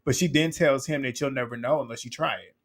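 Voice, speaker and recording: A man's voice: mid-range voice, fast. A man with a mid-range voice running through a reality show recap in a loose, conversational way. He is blunt and unfiltered, swears freely, and breaks into laughter as he acts out the quotes. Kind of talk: casual episode recap commentary.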